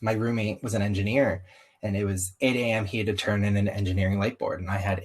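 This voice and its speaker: Husky young man with a slight Southern twang. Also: on the low side, quick pace, rough recording. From US, Southern-ish family. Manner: animated, frequent "like" asides, acts out quotes. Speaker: podcast guest. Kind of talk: candid conversational storytelling.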